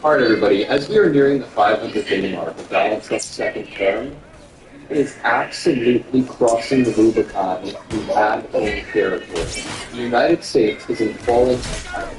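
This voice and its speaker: A man's voice: lowish voice, normal speed, echoey room, recorded from a distance, noisy background. A man delivering an emphatic, declarative political commentary monologue.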